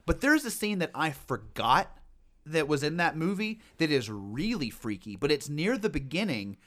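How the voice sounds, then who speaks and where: A man's voice: a little high, moderate pace. A man co-hosting a casual podcast chat, telling stories animatedly about scary films. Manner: animated storyteller, lots of fillers and restarts. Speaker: podcast co-host.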